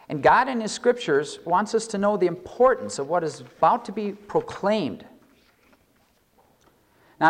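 A man preaching a sermon, reading scripture slowly and stressing key words with big swings in pitch and loudness. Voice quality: expressive, reads scripture slowly and deliberately. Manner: emphatic preaching with wide swings in pitch and volume, slowing on key phrases. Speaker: pastor.

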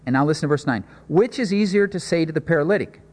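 A man's voice: a little high, quick pace. Preacher man in a reverberant hall. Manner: expressive storytelling with sudden swings in loudness. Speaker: pastor. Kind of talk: sermon.

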